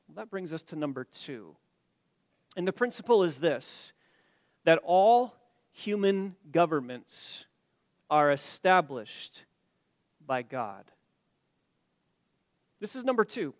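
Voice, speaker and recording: A man preaching an expository sermon to his church, stressing key words loudly and then dropping his voice low, with some stammering restarts. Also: expressive, normal speed, no room sound, studio quality. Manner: emphatic, rising to loud stresses then dropping quiet. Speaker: pastor.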